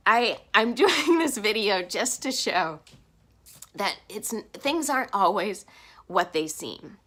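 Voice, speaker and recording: A woman's voice: medium pitch, fairly bright tone. A woman talking to camera in a personal vlog, earnest and heartfelt, speaking openly about her feelings. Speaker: vlogger.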